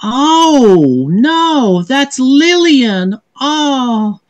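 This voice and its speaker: A man's voice: very high-pitched, big pitch swings, very slow, lo-fi sound, voice pushed up, heavily acted. A man voicing a fussy, anxious wealthy woman who prizes her assistant. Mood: dismayed. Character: fretful wealthy woman, an Ultimate Sparkles patron.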